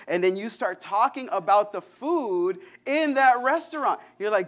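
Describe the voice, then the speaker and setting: A young man preaching a casual, animated sermon, acting out prayers and everyday conversations. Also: sits high, normal speed, hardly any pauses. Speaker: pastor.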